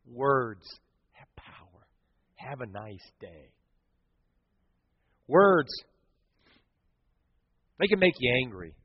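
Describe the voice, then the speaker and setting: A middle-aged man preaching a sermon, telling stories and swinging from hushed to loud. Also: medium pitch. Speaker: pastor. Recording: dull sound with long hall reverb.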